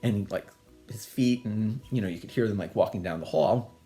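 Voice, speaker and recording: A man's voice: lowish voice, normal speed, dark tone, soft background music. A man telling a personal childhood story in a casual, chatty, digressive way. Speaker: storyteller, host.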